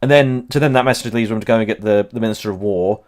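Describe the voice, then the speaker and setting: A man in his thirties hosts a casual history livestream, rambling, saying "um" a lot, and laughing often. His voice is lowish and he talks at a racing pace.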